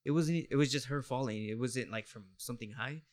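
A man's voice: medium pitch, a little fast, no room sound. A young man from the US, born to Mexican parents, chatting in a laid-back, hesitant way. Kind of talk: casual chat.

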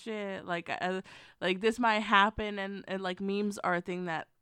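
A woman chatting casually as a podcast co-host, frank and blunt, swearing casually and making quick asides. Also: mid-range voice, fairly even intonation, bright, forceful tone, smooth, dry recording, studio quality. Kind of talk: casual chat.

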